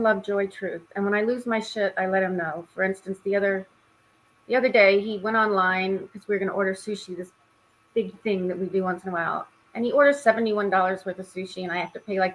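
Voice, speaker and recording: A woman's voice: medium pitch, fairly even intonation, fast talker, low-quality recording. A middle-aged woman, a mindset and spiritual coach, telling a candid story on a video call panel. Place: home in Florida.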